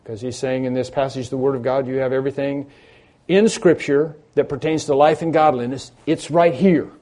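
Earnest male preacher, mellow voice. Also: medium pitch, steady tone, a little fast. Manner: earnest, emphatic preaching with frequent restarts. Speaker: pastor. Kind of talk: sermon.

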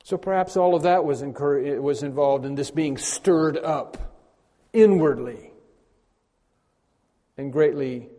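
A man preaching a sermon as pastor, repeating key phrases with emphasis and swinging between loud and hushed delivery. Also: on the high side, takes it slowly, pauses often. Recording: long reverb of a large hall.

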